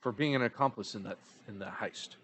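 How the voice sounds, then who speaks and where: A young man narrating as game master of a tabletop game, animated and laughing often. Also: fairly low pitch, fairly quick, slight background noise.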